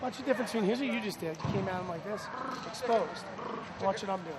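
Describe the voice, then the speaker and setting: This on-field coaching clip, recorded amid field noise, features a high-voiced man who talks fast. He's running a lacrosse practice, calling out instructions and praise with plenty of energy.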